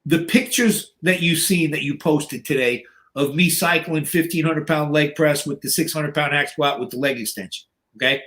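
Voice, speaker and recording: Pitched on the high side and a bit bright, his voice moves at a normal speed. He's in his sixties, appearing as a podcast guest, and his casual storytelling is blunt and profane, peppered with "you know" and impressions of others' lines.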